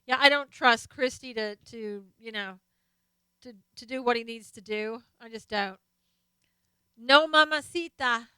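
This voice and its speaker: A woman's voice: fairly high pitch, steady tone, normal speed, sharp tone, clear, resonant tone, no echo. A woman hosting a live stream, casually chatting about politics and answering viewer comments as she reads them out. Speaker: live stream host reading chat.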